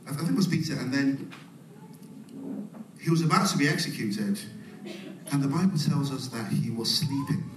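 A man's voice: mid-range voice, expressive, normal speed, pauses often, background noise. Preaching man in an echoey church. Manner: call-and-response preaching, swelling loud then dropping soft. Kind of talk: sermon. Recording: echoey church hall, mic at a distance.

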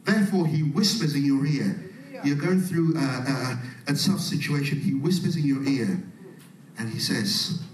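A man preaching a sermon, calling out to the congregation and swinging between loud, rising passages and soft, quiet ones. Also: fairly high pitch, normal speed. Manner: call-and-response preaching, swelling loud then dropping soft. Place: church. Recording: echoey church hall, mic at a distance.

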